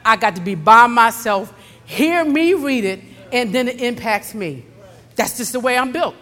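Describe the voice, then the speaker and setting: A middle-aged woman preaching a sermon. She moves between low, conversational storytelling and fervent, shouted exhortation, calling out to the congregation. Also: expressive, moderate pace. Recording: long hall reverb.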